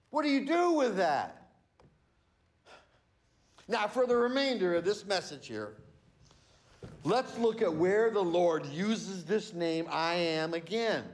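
A male pastor delivering a sermon in a high voice. He talks slowly and deliberately. He stresses single words to drive each point home. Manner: emphatic, teaching with pauses and stresses.

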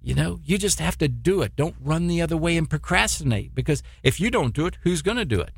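A man's voice: a little high, animated, fast, gravelly, slightly rough, no echo, clean studio sound. A middle-aged man preaching a sermon in a folksy way, with stammering restarts and many repetitions. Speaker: preacher, former military missionary.

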